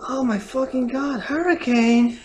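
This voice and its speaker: A young gamer giving live commentary on a challenge run at home, dropping from low muttering to loud cursing outbursts. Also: a little slow. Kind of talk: live let's-play commentary. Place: home room. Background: faint noise, dogs at times.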